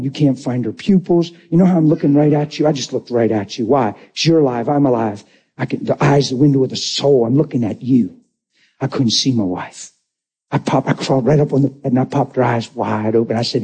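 A middle-aged man preaching a sermon, emphatic and repetitive, at times leaping into excited, high exclamations. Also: a little fast, slightly rough.

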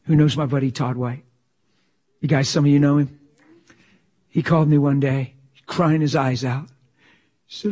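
A man preaching a sermon with passion, swinging from loud exclamations to near-whispers. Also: medium pitch, fairly even intonation, measured pace, pauses often, slightly rough.

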